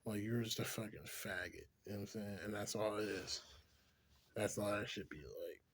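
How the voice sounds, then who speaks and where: A man's voice: fairly low pitch, moderate pace, breathy edge. A man talking to camera in a casual, rambling vlog monologue, swearing freely and filling his talk with "like". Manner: profane, rambling, heavy use of "like"; laughs often between thoughts. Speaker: vlogger.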